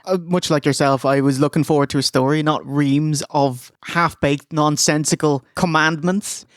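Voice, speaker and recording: An Irish man with a notably high voice jokes through a comedy review, wry and quick to laugh. The sound is close and dry on a studio mic. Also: steady tone, no room sound. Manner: wry, joking, laughs often. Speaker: podcast co-host.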